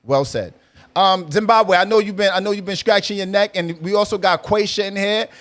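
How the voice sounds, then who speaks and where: A man's voice: sits high, brisk, a bit bright. A man hosting a live audio chat room, talking casually and animatedly, often repeating himself and teasing guests.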